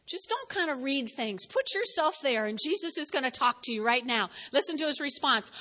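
A woman pastor preaching a lively sermon in a church, talking straight to the congregation and acting out the people in her story. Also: high-pitched, normal speed, few pauses, long reverb tail. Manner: lively, talks straight to the congregation, acts out quotes. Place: church sanctuary.

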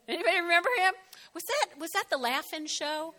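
A woman pastor preaching a lively sermon, chatty and animated, joking and laughing with her congregation. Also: high-pitched, brisk. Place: church hall. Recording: long hall reverb. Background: congregation shouting out.

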